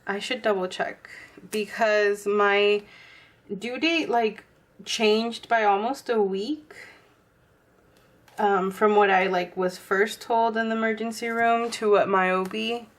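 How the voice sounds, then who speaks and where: Young woman, slightly hoarse, casual planner chat, lots of fillers, says y'all. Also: medium pitch, fairly even intonation, slow pace. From Texas. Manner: chatty, many fillers, addresses viewers as y'all. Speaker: planner vlogger.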